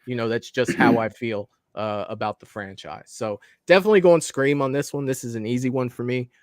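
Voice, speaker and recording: A man co-hosting a casual livestream chat about horror films, relaxed and hedging his opinions with fillers. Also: medium pitch, fairly quick, no room sound, studio quality. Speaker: livestream co-host.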